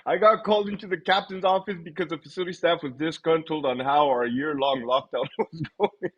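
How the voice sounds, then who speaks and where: A man's voice: a little high, a little fast, dull audio. A man telling a story on a live stream, swearing freely and laughing often. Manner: animated, profane, laughs often. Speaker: livestream host.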